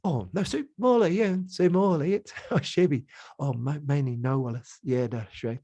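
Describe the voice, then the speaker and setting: A man's voice: on the high side, moderate pace, warm tone, dry recording, dull audio, voice pushed up. A man voicing a friendly, polite New Zealand guy with a New Zealand accent, full of chirpy agreeable fillers.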